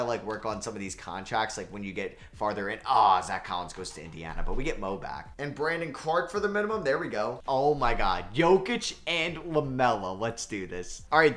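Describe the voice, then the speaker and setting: A young man casually commenting on his basketball video game season, swinging between nervous groans and excited cheers. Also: medium pitch. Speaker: gaming channel host.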